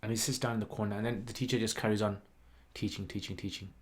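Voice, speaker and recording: A man's voice: on the low side, quick pace. Man telling a story. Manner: rambling, animated retelling with many "like" and "you know" fillers. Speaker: channel host. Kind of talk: livestream storytelling.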